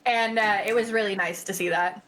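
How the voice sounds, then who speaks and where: A woman's voice: medium pitch, steady tone, brisk, a bit bright, slight background noise. A woman from Canada, a tabletop game player, joking in casual chat and laughing often.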